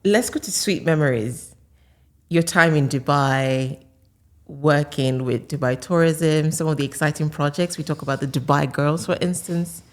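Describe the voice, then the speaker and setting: A woman hosting an interview, asking questions and reacting with quick exclamations. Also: low voice. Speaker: interview host. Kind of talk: conversational interview.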